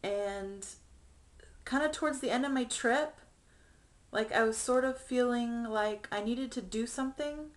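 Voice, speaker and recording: A woman's voice: on the high side, unhurried. A young woman talking through a personal video diary in a chatty, earnest way with many ums, getting emotional. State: emotional, near tears. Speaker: vlogger.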